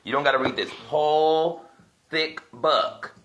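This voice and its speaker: A man's voice: on the high side, steady tone, measured pace, a bit bright, reverberant. A man teaching casually from home as he looks through apps, thinking aloud in a rambling way and growing emphatic. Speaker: self-styled religious teacher. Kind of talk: casual video teaching while browsing apps.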